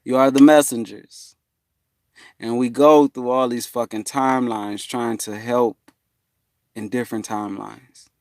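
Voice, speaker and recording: A man telling a rambling spiritual story in a profane, meandering way, full of fillers and sudden high, loud voices for the people he quotes. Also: steady tone, unhurried, dry recording, clean studio sound.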